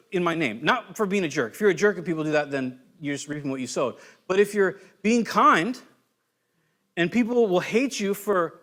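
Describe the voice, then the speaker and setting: A man from California preaching a sermon as pastor, telling stories in a loose, conversational way and acting out quotes. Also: sits high. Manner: conversational, animated storytelling with voiced quotes.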